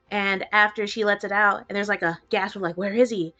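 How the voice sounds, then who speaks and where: A woman's voice: mid-range voice, fairly even intonation, brisk, sharp tone, highs cut off. A woman player describes her character's moves in a tabletop game. She talks casually and hesitantly, swearing freely. Faint music plays underneath.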